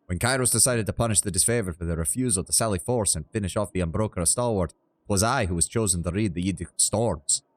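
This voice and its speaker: A man putting on a hearty war herald from a fantasy game. He is proud and boastful, with a low, full voice and a grand, old-fashioned manner of proclaiming. Every line rings out like a tale told in a great hall. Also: quick pace, lightly acted. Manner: hearty, declamatory, old-fashioned "aye" speech.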